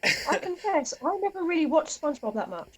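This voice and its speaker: A woman's voice: sits high, very animated, fairly quick, heavy background noise. Young woman with dry wit. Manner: dry, teasing banter. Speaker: podcast co-host. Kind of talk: casual podcast chat.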